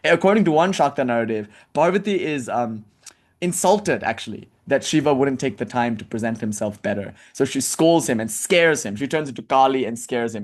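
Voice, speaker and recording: A man giving a casual storytelling lecture, chatty, with frequent fillers and asides. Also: mid-range voice.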